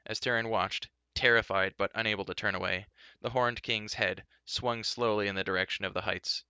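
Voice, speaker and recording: A man's voice: steady tone, normal speed, clean tone, no echo, dull audio. A man reading a fantasy storybook aloud, giving the characters their own voices. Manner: shifts pitch and loudness for each character's lines. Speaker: audiobook reader.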